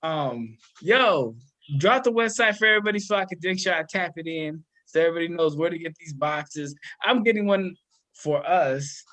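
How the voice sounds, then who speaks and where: A high-pitched, bright-toned man hosts a laid-back podcast chat. He tells stories loudly and excitedly, with plenty of swearing. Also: moderate pace. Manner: loud, excitable, profane storytelling. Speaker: podcast host. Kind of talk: casual chat.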